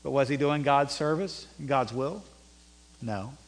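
A male pastor preaching a sermon, rising to loud emphatic peaks and dropping to low, quiet passages. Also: unhurried, long reverb tail.

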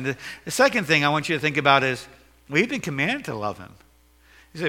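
A man's voice: a little high, sing-song, a little fast, bright, forceful tone, big-room sound. A man preaching a sermon as pastor, earnest and emphatic, with self-deprecating jokes.

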